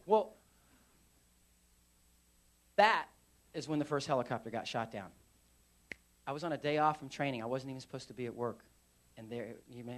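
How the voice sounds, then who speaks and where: A veteran man giving a live storytelling speech at a conference, animated and acting out scenes with sound effects. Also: medium pitch, moderate pace, long pauses. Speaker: veteran speaker. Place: conference stage.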